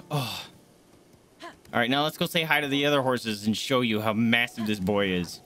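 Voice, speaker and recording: A young man streaming a game, chatting casually with viewers, excitable, swearing, jumping from hushed asides to loud outbursts. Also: medium pitch, normal speed, slight background noise. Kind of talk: casual gameplay commentary.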